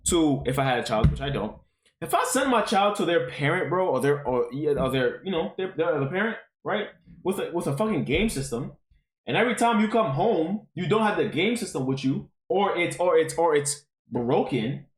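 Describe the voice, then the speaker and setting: A man's voice: on the high side, very animated, moderate pace. A man streaming, reading online posts aloud and reacting to them in a profane, rambling, exclaiming way.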